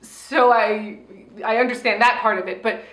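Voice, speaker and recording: A woman co-hosting a casual review podcast, chatty and quick to laugh. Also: a little high, steady tone, fairly bright tone, reverberant, low-quality recording. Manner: chatty, laughs often, acts out quotes. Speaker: podcast co-host reviewing a TV show. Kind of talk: casual chat.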